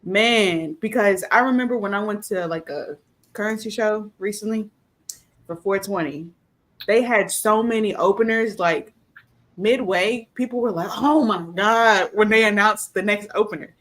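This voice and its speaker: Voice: medium pitch, moderate pace, a bit bright. A podcast co-host, easygoing, telling a story in casual chat. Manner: easygoing, talks through a story.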